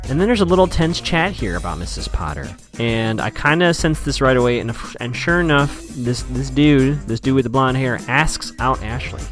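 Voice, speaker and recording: A man's voice: mid-range voice, animated, brisk, soft background music. A man hosting a podcast, chattily recapping a TV episode and quoting characters in playful voices. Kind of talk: casual recap chat.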